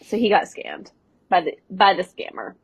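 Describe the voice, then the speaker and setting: A young adult woman co-hosting a podcast, recapping scenes in casual chat and dropping into quick voice impressions with laughs. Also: medium pitch, wildly swooping pitch, husky, dry recording, poor audio. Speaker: podcast co-host.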